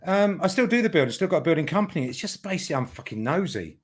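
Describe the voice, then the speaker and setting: A man's voice: fairly high pitch, very animated, very fast, husky. Blunt man with a Cockney-like accent. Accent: Cockney-like southern English. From Aldershot, England. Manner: blunt, plain-spoken, swears. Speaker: guest, builder and journalist. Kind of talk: casual interview.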